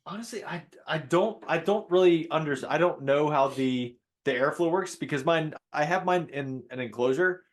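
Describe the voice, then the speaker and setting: Man, podcast guest, fairly high pitch, casual chat, hedging and roundabout. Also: normal speed, hardly any pauses. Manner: hedging, many fillers and restarts when explaining.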